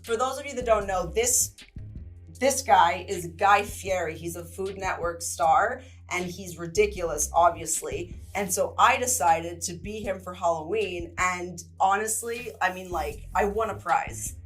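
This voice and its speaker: Enthusiastic woman, lowish voice. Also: a little slow, soft background music. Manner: enthusiastic, animated storyteller. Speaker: English teacher. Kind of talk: casual chat.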